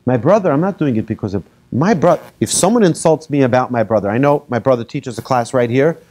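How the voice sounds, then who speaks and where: A rabbi giving a lively talk to an audience, telling made-up stories and asking the listeners questions. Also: male voice, medium pitch, fast talker. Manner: animated, asks the audience questions, tells hypothetical stories. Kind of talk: lively lecture to a live audience.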